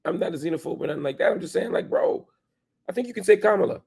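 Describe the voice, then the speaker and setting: A man in his forties hosting a show, delivering an emphatic opinion monologue full of rhetorical questions, swinging between loud and soft. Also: on the high side, lively intonation, rapid-fire, vocal fry, breathy edge. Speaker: show host.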